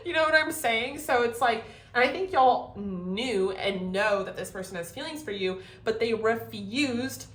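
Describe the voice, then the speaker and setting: A woman giving a casual tarot reading to camera, animated and profane, laughing often. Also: fairly high pitch, moderate pace, echoey room. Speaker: tarot reader.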